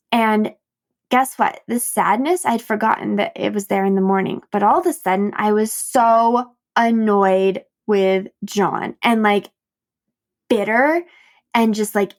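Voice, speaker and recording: A woman's voice: mid-range voice, unhurried. A woman podcast host and coach telling a personal story in a candid, self-mocking way, laughing often and acting out quoted dialogue. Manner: animated retelling with quoted dialogue.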